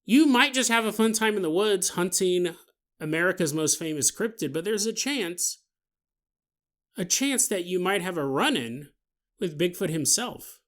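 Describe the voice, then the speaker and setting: Animated, bright-voiced male podcast host. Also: high voice, normal speed. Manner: animated, laughs often, acts out silly scenarios. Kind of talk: comedic podcast monologue.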